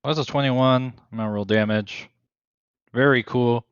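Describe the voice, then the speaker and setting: A man's voice: mid-range voice, fairly even intonation, normal speed, clear, resonant tone, no echo, dull audio. A man playing a rogue in a tabletop game, checking the rules aloud and muttering while he reads. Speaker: player, rogue. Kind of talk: casual game table chat.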